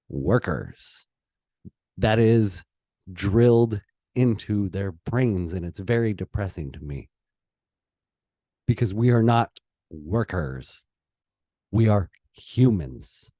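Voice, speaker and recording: A man giving a heated solo opinion monologue as a political commentator, pausing and restarting as he gets worked up. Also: sits low, warm tone, no room sound, studio quality. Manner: impassioned, heated, with pauses and restarts.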